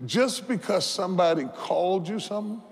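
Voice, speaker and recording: A man preaching a sermon as a bishop, impassioned, building to shouts and having the congregation repeat phrases after him. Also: high voice, a little fast. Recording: reverberant hall with faint background noise.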